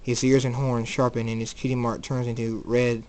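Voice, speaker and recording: A man's voice: medium pitch, flat delivery, moderate pace, a little mellow. Young man reading a fan story. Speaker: amateur storyteller. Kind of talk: reading fan fiction aloud, doing all voices.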